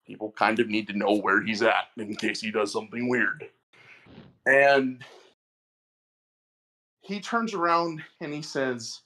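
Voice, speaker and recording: His voice is a little high and unhurried, broken by long pauses, as this male podcast co-host casually recounts a lengthy story from his workday. The telling is lively, with occasional stammers at the openings.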